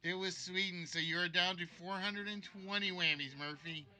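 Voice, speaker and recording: A man's voice: high-pitched, steady tone, normal speed, sharp tone. A man hosting a live-streamed trivia game show, joking and teasing the contestant.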